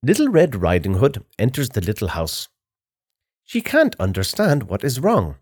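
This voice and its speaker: A man narrating a children's fairy tale in a slow, expressive storytelling style. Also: medium pitch, breathy edge.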